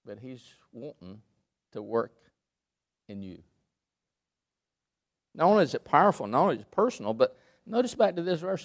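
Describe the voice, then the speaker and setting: A man delivers a sermon in a church. His voice sits a little high for a man. He preaches emphatically, climbing to loud peaks and then dropping to hushed asides. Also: big pitch swings, moderate pace, pauses often. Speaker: pastor. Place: church sanctuary.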